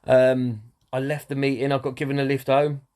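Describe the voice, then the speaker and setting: In a candid talk to camera, a man recounts his recovery earnestly, using many fillers and swearing now and then. His mid-range, darkish voice barely moves in pitch and keeps a normal speed.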